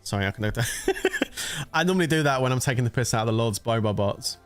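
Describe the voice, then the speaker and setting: A man's voice: mid-range voice, expressive, fast, dry recording. A man talking casually and joking as he streams a mobile strategy game. His voice sits in a middle range, and he laughs easily. Faint background music plays under his talk. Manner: chatty and jokey, often laughing. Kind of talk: casual gameplay commentary.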